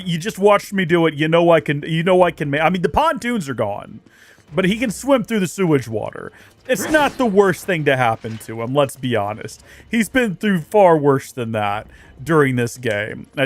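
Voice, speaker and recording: A man's voice: a little high, sing-song, a little fast, dry recording. A man giving casual let's play commentary on a game, full of wry, joking asides.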